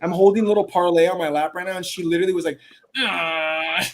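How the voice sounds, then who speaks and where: A man's voice: high voice, steady tone, racing, warm tone. A man in his thirties hosting a live stream, chatting casually and swearing a lot, calling everyone bro and dude. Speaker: host.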